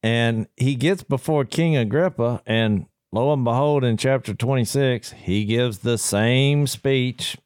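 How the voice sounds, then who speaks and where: A man's voice: medium pitch, measured pace, few pauses, darkish tone, clear, resonant tone, no echo, studio quality. A man co-hosting a faith podcast, talking thoughtfully and paraphrasing scripture. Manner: thoughtful, with frequent fillers and restarts. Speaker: podcast co-host. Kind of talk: casual faith discussion.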